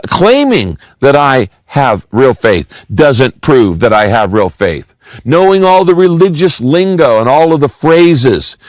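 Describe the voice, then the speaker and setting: A man's voice: mid-range voice, no room sound. An older man giving a sermon as pastor, teaching through a scripture passage and repeating key phrases for emphasis.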